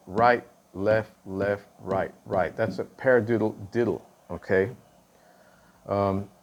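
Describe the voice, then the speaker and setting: A male drum instructor explaining stick technique, counting and calling out stickings and checking in with "okay?" after each point. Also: on the low side. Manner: counts and calls out stickings aloud.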